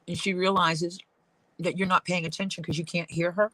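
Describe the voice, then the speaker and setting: Chatty woman with a bright voice. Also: fairly low pitch, flat delivery, normal speed, no room sound, low-quality recording. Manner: rambling, storytelling. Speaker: leatherworker. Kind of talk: casual chat while crafting.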